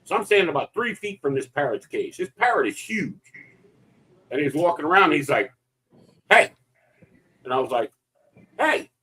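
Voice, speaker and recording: A man's voice: fairly high pitch, a little fast, husky, poor audio. A man telling a story in casual chat, acting out the lines he quotes. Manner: animated storyteller, acts out quotes.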